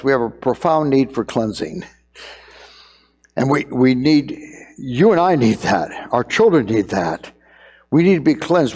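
A man's voice: mid-range voice, darkish tone, in a large hall. A middle-aged man preaching a sermon, earnest and emphatic, repeating key phrases as he builds his point. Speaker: pastor.

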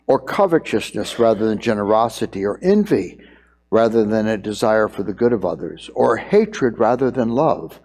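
A middle-aged man preaching as a pastor, earnest, sometimes acting out scenes in quick raised voices. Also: on the low side, animated, a little mellow, long reverb tail. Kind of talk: sermon on parenting.

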